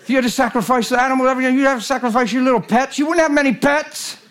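A man preaching a sermon in a church, animated and jokey, swinging from loud bursts to hushed lines. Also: very high-pitched, fast, a faint crowd. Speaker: guest preacher.

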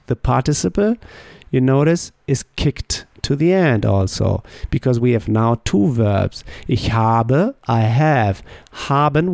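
A man hosting a podcast language lesson, slowly drilling sentences with question-and-answer prompts. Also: mid-range voice, gravelly, a little mellow, no echo. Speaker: language teacher and podcast host.

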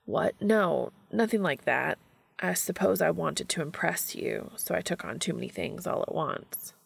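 A woman voicing a flustered, earnest adult man as she reads a story aloud, rushed and breathless. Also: on the low side, lively intonation, vocal fry, husky, full character voice. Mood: tender. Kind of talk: audiobook fiction reading.

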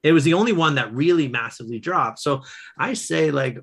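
A man, a guest author and educator, telling stories in casual conversation, animated, with quick restarts. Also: a little high, creaky, slightly rough. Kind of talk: casual storytelling.

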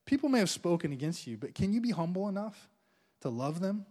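A man preaching a sermon as pastor, playful and animated, acting out the prayers of his listeners with little laughs. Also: high-pitched, brisk.

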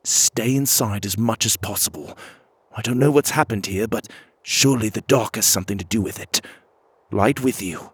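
A man's voice: on the low side, normal speed, breathy edge, no echo. A man voicing an earnest young fairy king who speaks formally and a little flustered, in a storybook. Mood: urgent.

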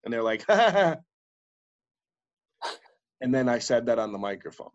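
A man, a radio DJ and podcast host, telling stories in casual chat, swearing freely and acting out quotes in a louder voice. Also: on the low side, fast, dull audio. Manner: animated, swearing, acts out quotes loudly.

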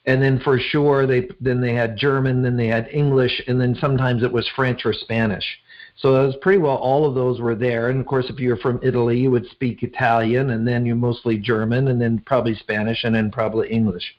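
A man's voice: mid-range voice, flat delivery, fairly quick, highs cut off. Rambling middle-aged male host. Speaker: podcast host. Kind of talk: casual interview conversation.

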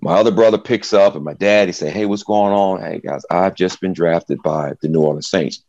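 A man's voice: low voice, a little fast, no echo, highs cut off. A middle-aged man, a former football player, tells his story in an interview and acts out the voices of the people in it. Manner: animated storyteller, acts out quotes.

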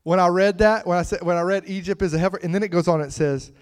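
A man's voice: sits high, fairly even intonation, fast, clear, resonant tone. A man preaching a conversational sermon, chatting with the congregation and breaking into fits of laughter.

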